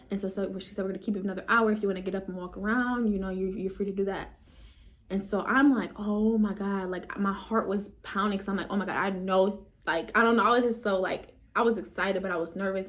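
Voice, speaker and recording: A young woman tells a personal story in a relaxed vlog style. Her voice is animated and chatty, and she keeps turning to her viewers with asides. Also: mid-range voice. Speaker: vlogger. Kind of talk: casual storytelling.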